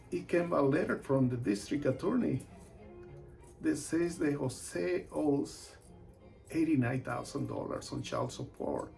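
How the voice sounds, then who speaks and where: A man, a real estate agent, telling a personal story in an animated way and acting out the voices of its people. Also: fairly high pitch, gravelly.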